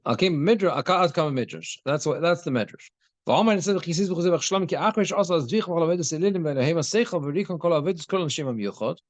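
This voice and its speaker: A man's voice: on the high side, no room sound. A man teaching a conversational Torah class as a rabbi, reading Hebrew phrases and translating them as he goes, with frequent restarts.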